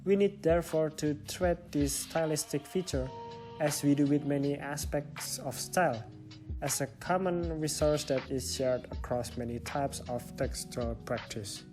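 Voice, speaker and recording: A man's voice: a little high, steady tone, unhurried, music in the background. Man reading a class presentation. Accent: Indonesian. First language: Indonesian. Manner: methodical, explaining step by step. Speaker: student presenter.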